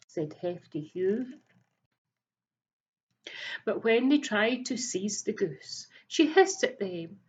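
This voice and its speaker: A woman reading a rhyming picture book aloud in a slow, soft, rhythmic way, like a teacher at story time. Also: medium pitch, animated. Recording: dull lo-fi recording.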